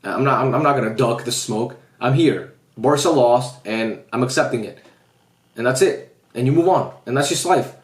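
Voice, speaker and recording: Talking at a moderate pace in a mid-range voice, a man rants casually on his vlog, crushed after his football team's loss. He swears a lot while addressing viewers head-on, and the audio is reverberant.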